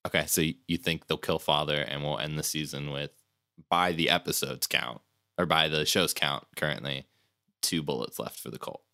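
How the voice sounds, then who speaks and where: A man's voice: a bass voice, normal speed, vocal fry, sharp tone, no room sound, studio quality. A man co-hosting a podcast, asking questions in a hesitant, searching way. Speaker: podcast co-host. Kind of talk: casual podcast chat.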